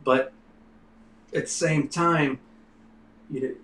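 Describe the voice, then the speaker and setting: A man's voice: a little high, steady tone, slow, a bit bright. Male co-host, loose and rambling, casual discussion, roomy sound. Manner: rambling, leans on "you know". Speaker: livestream co-host. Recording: roomy with faint noise.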